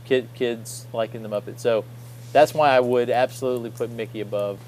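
A man's voice: mid-range voice, fairly even intonation, brisk, darkish tone, low-quality recording. A man in his thirties, co-hosting a casual chat, rambling and correcting himself as he goes. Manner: rambling, self-correcting, upbeat.

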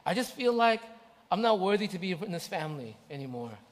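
A man's voice: high voice, big pitch swings, fairly quick, big-room sound. A man doing a mopey, dejected little boy. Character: sad, defeated young boy.

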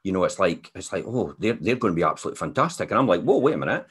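A man hosting a casual interview, asking encouraging questions with lively asides. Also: low voice, rapid-fire, husky. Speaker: podcast host.

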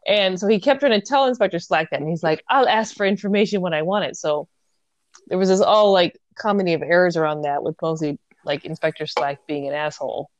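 A woman with a slightly low voice talks through a book at length, laughing easily along the way. The sound is dry and close, with no room around it. It is relaxed, chatty podcast talk. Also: brisk, no room sound, muffled recording. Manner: chatty, laughs often, retells plot at length. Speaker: podcast co-host. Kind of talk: casual book discussion. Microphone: home mic on an audio recording.

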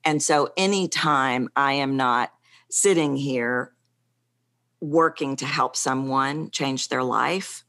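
With a rumbling low, slightly bright voice, a middle-aged woman speaking coach gives a lively conversational interview. She speaks slowly overall, speeding up and slowing down for emphasis.

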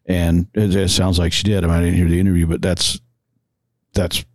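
A man's voice: sits low, little pitch movement, a little fast, a little mellow, no echo. A middle-aged man, a firefighter-paramedic and father, talking plainly in a casual podcast conversation, often stammering and repeating words.

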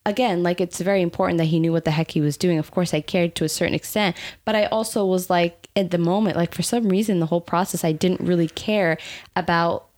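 A young woman casually telling a personal story with her husband, animated, laughing often and full of fillers. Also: on the low side, fast talker. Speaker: co-host.

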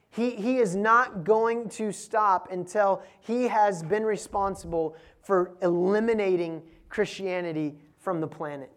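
A woman preaching a sermon, asking rhetorical questions, stressing key words and adding laughing asides to the congregation. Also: mid-range voice. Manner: dynamic preaching with rhetorical questions and strong emphasis.

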